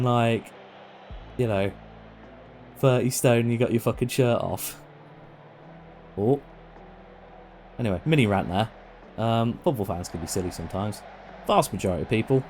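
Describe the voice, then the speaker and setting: A man's voice: mid-range voice, big pitch swings, brisk, long pauses, a little mellow, a little hiss or hum. A man doing casual, sweary live-stream commentary on a football management game. He talks to the players on screen and goes off on rants.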